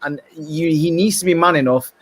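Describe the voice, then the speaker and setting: A man giving animated, opinionated football talk as a podcast guest, often repeating words as he starts. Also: a little high, normal speed. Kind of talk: casual chat, football debate.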